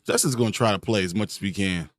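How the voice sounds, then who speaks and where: A man's voice: fairly low pitch, fast, no room sound, studio quality. A man co-hosting a live stream, chatting and telling stories casually. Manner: chatty, storytelling. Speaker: co-host of a live show.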